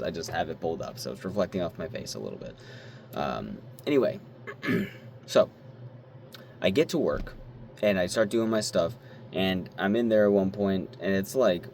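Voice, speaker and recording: A young man vlogging at his desk, telling a story in a rambling, animated way, swearing now and then and squealing when he acts out his excitement. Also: deep voice, a little hiss or hum. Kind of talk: casual talk to camera.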